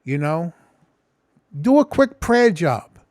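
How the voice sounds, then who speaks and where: A man's voice: on the high side, big pitch swings, takes it slowly, darkish tone, dry recording, clean studio sound. A man talking casually in a rambling, profane vlog at home. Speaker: vlogger. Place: home kitchen.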